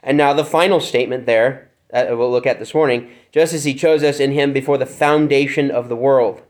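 A man's voice: mid-range voice, steady tone, fairly quick, darkish tone. A man preaching an expository sermon, earnest and searching for words, with fillers and restarts. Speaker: pastor.

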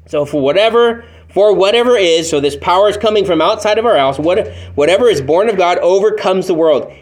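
A man preaching a sermon to a room of people, talking to them plainly and often asking them rhetorical questions. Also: a little high. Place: church room with congregation.

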